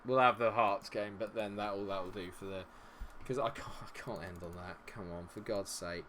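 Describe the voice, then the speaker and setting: A man commentating live over a football management game, sarcastic and fed up, swearing as things go wrong. His voice sits fairly low. Faint noise hums behind him. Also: fairly even intonation, normal speed, fairly bright tone. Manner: frustrated, swearing, sarcastic outbursts. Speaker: gaming streamer.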